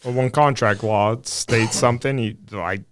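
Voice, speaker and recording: A man's voice: on the low side, moderate pace, dry recording. A man co-hosting a podcast, blunt and matter-of-fact. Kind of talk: casual podcast chat.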